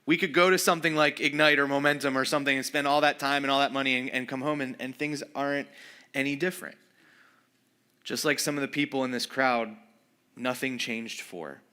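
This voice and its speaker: A male pastor delivering a conversational sermon, animated and acting out quoted voices, dropping to a soft low voice for emphasis. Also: a little fast.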